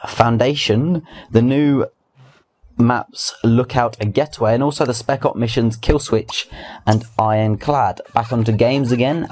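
Low-voiced young man chatting about games. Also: a little mellow. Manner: chatty, rambling, with restarts and asides. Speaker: gaming video host. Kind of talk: casual weekly games news roundup.

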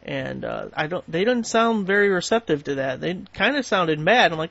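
A man's voice: high-pitched, big pitch swings, measured pace, vocal fry, a bit bright, no echo, lo-fi sound. A man hosting a tool deals channel, talking casually and bluntly with plenty of swearing as he goes through coupons. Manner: blunt, profane, easily riled. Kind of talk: casual vlog rant and coupon rundown.

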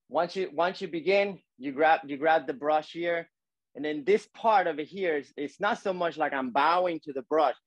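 A man teaching a calligraphy lesson while demonstrating, talking in a relaxed, repetitive coaching way with many fillers. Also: fairly high pitch, no echo.

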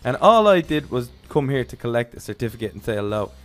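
A young man hosting a game role-play, narrating every move in character and getting loud and excited during the action. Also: medium pitch, fast, faint music behind.

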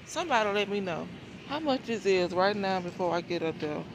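Woman vlogger, gravelly voice, chatty and price-conscious, phone recording with loud store noise behind her. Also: medium pitch, animated, fairly quick. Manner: chatty, thinks aloud about prices. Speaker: shopping vlogger. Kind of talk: casual chat to viewers while shopping. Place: large supermarket, indoors. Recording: noisy store background.

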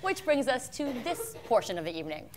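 A woman co-hosting a comedy show, telling scripted bits in a brisk, expressive way. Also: sits high. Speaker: co-host.

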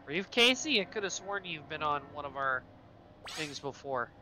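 A man's voice: a little high, expressive, normal speed, noisy background. A man streaming an online game, chatting casually and swearing when things go wrong. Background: loud game music.

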